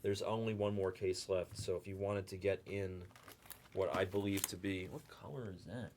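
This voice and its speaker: A man hosting a live card break stream, chatting loosely with viewers in the chat and pitching spots. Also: fairly even intonation, moderate pace, a little mellow, slight background noise. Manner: rambling, chatty, talks to the chat by name.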